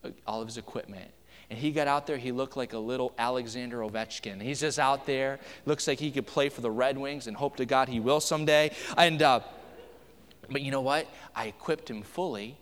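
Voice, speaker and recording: A man's voice: medium pitch, fairly quick, fairly bright tone, long reverb tail. A man in his thirties, a pastor giving a conversational sermon full of family stories, with frequent restarts. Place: church sanctuary.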